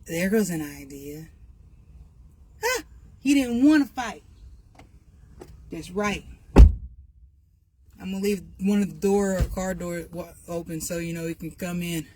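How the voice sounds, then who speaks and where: A woman hosting a casual livestream outdoors by her car. She talks in an animated way, often laughs and chats to her viewers over a phone. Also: fairly low pitch, slow, long pauses, slight background noise. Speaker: livestream host.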